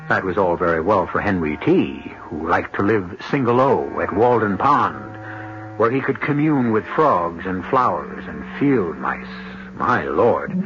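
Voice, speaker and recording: A middle-aged man hosting a radio mystery show, giving measured, wry, theatrical scripted narration. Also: fairly low pitch, a bit bright, slight background noise. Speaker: host. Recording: dull lo-fi radio broadcast with music.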